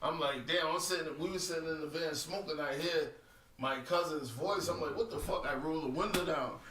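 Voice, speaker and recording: A man's voice: on the high side, moderate pace, reverberant, far from the mic. Man telling a story animatedly. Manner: animated, repeats "listen" to hold the floor. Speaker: podcast co-host telling a story. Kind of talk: casual storytelling chat.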